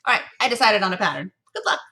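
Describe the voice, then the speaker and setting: A woman's voice: mid-range voice, lively intonation, very fast, bright, forceful tone. Playful woman teaching a music lesson. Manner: playful, encouraging, chanting rhythm syllables. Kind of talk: remote music lesson for children. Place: home office.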